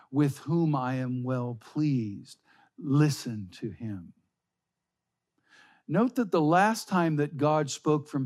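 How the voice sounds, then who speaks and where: A man preaching a sermon, slow and emphatic, reading scripture aloud. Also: mid-range voice, a little mellow. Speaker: pastor.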